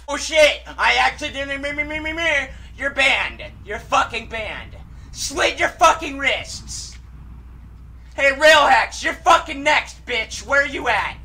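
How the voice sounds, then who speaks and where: A man livestreaming a game, taunting and shouting insults at other players. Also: very high voice, lively intonation, slow pace, gravelly, crowd noise, noisy background. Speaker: livestreaming gamer. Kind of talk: raging at players on stream.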